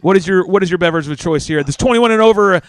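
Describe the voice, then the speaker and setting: A man's voice: sits high, very fast, soft background music. Joking, cursing male call-in show host. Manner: joking, swearing, teasing callers. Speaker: podcast host. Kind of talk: casual live call-in show.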